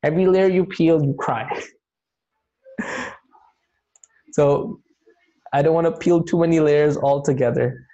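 A man's voice: on the high side, fairly even intonation, unhurried, pauses often, mellow, lo-fi sound. A man teaching an Arabic grammar class, explaining step by step with patient, encouraging check-ins.

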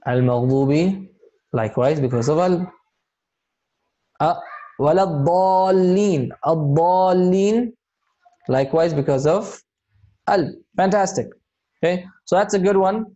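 A man teaching an Arabic grammar lesson in a mellow, warm voice. He explains patiently, one step at a time, and checks in often to encourage his students. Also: a little high, normal speed, long pauses, dull audio. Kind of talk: online class teaching.

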